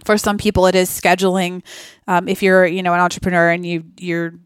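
Smooth-voiced woman chatting on a podcast. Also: lowish voice, flat delivery, a little fast, no room sound, clean studio sound. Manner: chatty, thinks aloud with many fillers. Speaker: podcast guest. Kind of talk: casual conversational interview.

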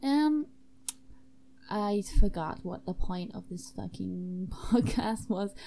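A tipsy young woman rambles through an improvised comedy podcast, swearing and giggling as she loses her thread. Her voice is slow and mellow, and her pitch swings in a lively, sing-song way. She sounds loose and unguarded. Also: creaky, slight background noise. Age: young adult. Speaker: podcast host.

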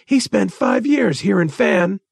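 A man's voice: high-pitched, expressive, a little slow, creaky, husky, no echo, studio quality, pitched above the performer's own voice, exaggerated voice. A man voicing a testy, evasive male spaceport official in a read-aloud story, with an offhand manner. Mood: dismissive.

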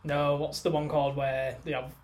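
A man's voice: on the high side, flat delivery, moderate pace, darkish tone. A man, co-hosting a podcast, telling rowdy stories with lots of swearing and laughter. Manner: laddish, swears a lot, laughs mid-story. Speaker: podcast co-host. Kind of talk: casual storytelling chat.

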